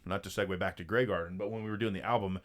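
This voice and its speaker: A man's voice: deep voice, steady tone, very fast. A man guesting on a podcast in casual chat, offhand and hedging.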